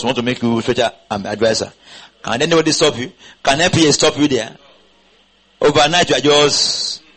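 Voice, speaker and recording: A man's voice: fairly high pitch, a bit bright, rough recording. A man preaching a sermon to a congregation, firing rhetorical questions and having them repeat his words back. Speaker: pastor. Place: church congregation.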